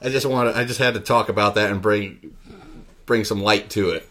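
A man hosts a relaxed podcast chat with a fairly low voice. He is upbeat, laughs easily and moves the talk along. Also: a little fast. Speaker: podcast host. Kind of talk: casual chat.

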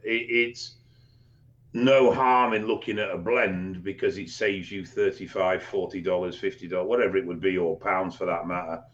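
A man co-hosting a podcast, explaining things in a relaxed, casual way and swearing now and then. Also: low-pitched, normal speed, muffled recording. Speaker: podcast co-host and expert.

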